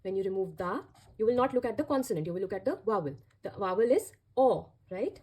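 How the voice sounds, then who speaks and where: A woman's voice: medium pitch, expressive, fast, warm tone, breathy edge. A woman teaching a language lesson, explaining patiently and repeating each step.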